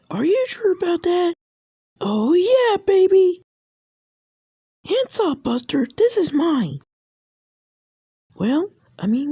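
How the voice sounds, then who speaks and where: Cartoon cat, male, young, voiced by a woman: very high pitched, slow and mellow, upbeat and encouraging. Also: no echo, lo-fi sound, heavily acted. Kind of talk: fan voice clips of a cartoon character.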